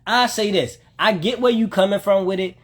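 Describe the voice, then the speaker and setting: Ведущий прямого эфира, мужчина, горячо и напористо комментирует, постоянно обращаясь к зрителям. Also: male voice, high voice, moderate pace. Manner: animated, emphatic ranting with repeated asides to the listener. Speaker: livestream host. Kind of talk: heated commentary to live viewers.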